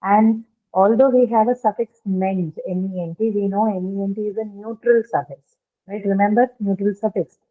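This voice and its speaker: A woman's voice: medium pitch, fairly even intonation, normal speed. Woman teacher, methodical explainer who keeps checking understanding; thin phone-line sound. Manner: explains step by step, checks with "right?". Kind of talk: online lesson on word stress.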